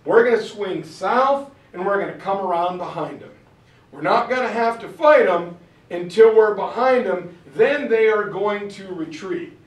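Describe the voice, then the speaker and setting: A man giving an informal history lecture from a map, telling it as a story, acting out quotes and clearing his throat now and then. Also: sits high, expressive, unhurried, recorded from a distance. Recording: roomy sound from off-mic.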